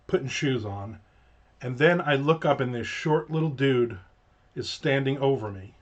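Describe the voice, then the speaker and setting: A man hosting his own show, spinning a loose, wandering story full of side tangents and the odd curse word. His voice sits at an ordinary middle pitch, and the audio sounds a bit dull and lo-fi. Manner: rambling, profane, digressive anecdotes. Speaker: show host. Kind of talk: casual storytelling.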